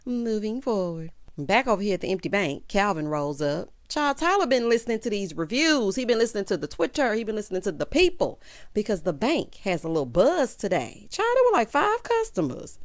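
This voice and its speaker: Sassy animated woman recapping a show. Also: mid-range voice, no echo. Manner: animated, sassy, calls listeners child and honey; acts out characters' lines in quick quotes. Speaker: TV recap host. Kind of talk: casual episode recap.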